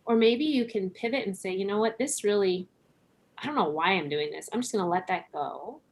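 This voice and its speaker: A woman talking as a podcast guest in a relaxed conversation, reflective, laughing often and using many "like" and "right?" fillers. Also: mid-range voice, fairly quick.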